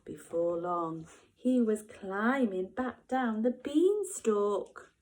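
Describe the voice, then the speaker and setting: Slow, expressive nursery teacher woman. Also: mid-range voice, low-quality recording. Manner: expressive, with gasps and hushed whispers. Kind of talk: reading a storybook to young children.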